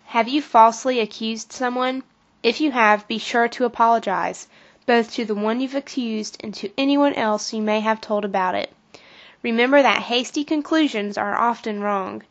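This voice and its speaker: A woman narrating a scripted children's devotional story in a gentle, instructive manner, on a dull lo-fi recording. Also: a little high, moderate pace.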